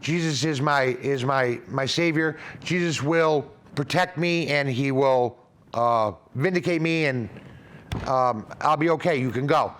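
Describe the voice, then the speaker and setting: A man voicing a devout Christian man on a flooded roof, speaking slowly and earnestly. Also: mid-range voice, a bit bright, a little hiss or hum, close to an everyday voice. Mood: stubbornly faithful.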